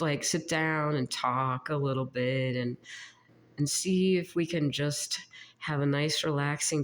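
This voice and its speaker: Sounding ill, this psychic reader channels spirits in a relaxed session, wandering and stopping as she goes and giggling frequently. Her pitch is medium.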